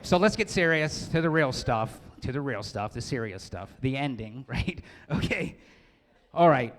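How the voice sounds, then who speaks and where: Joking forty-year-old man giving a speech. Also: mid-range voice. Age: 40s. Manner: joking, laughs often, self-deprecating. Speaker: wedding speaker. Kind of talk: wedding speech. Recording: long hall reverb.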